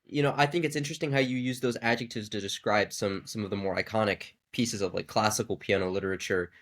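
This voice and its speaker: A man's voice: lowish voice, fast talker, fairly bright tone. A man who is a podcast guest and musician, chatting casually and reflectively, searching for the right words. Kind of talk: casual chat.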